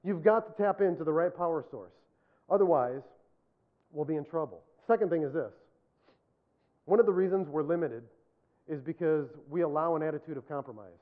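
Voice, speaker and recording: Man, pastor, sermon, high voice, earnest, repeats points for emphasis, self-deprecating humor, tinny phone-like sound. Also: brisk, long pauses.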